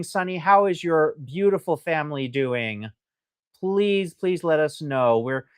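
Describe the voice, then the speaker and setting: A man's voice: mid-range voice, dry recording, clean studio sound. A man hosting a live stream that sells antiques, talking chattily and enthusiastically, reading out viewer comments in a loose, rambling way. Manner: loose and rambling, with frequent fillers. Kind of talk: live sales presentation.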